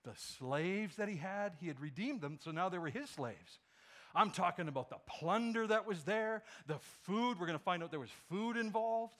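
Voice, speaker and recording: A man's voice: sits high, lively intonation, normal speed, fairly bright tone. A male pastor preaching a sermon with emphasis, firing rhetorical questions at his congregation.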